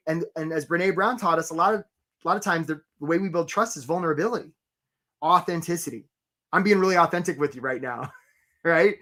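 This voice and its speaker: A man's voice: sits high, bright, forceful tone. Upbeat man hosting a live webinar. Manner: chatty and upbeat, addressing viewers by name. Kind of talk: energetic live webinar presentation.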